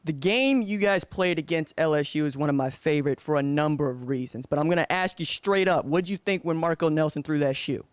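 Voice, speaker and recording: A podcast host from Oklahoma who talks to his guest in a relaxed, slangy way. He puts his questions straight to the guest. His voice sits somewhat high for a man and sounds dry and close to the mic. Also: brisk, few pauses, dry recording. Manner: laid-back, slangy, asks direct questions. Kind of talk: casual interview questions.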